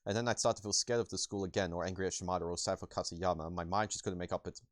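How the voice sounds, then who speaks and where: A man's voice: sits low, fairly even intonation, very fast, no room sound. A man hosting a let's play, reading game text aloud with jokey asides.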